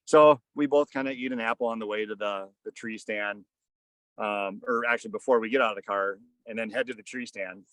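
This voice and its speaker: On a fishing boat, a man in his thirties or forties appears as a podcast guest, telling a casual, rambling story packed with "kinda" and "like." His voice is lowish with a fairly bright tone, and the recording is dry.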